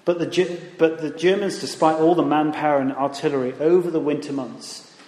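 A man preaching a sermon in a church, animated, with conversational asides and rising emphasis. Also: a little high, fairly quick. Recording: echoey hall, long reverb.

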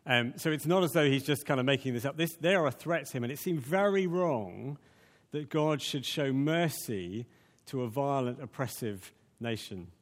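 A man's voice: mid-range voice, animated, moderate pace, long reverb tail. A man preaching a conversational sermon, full of fillers and restarts.

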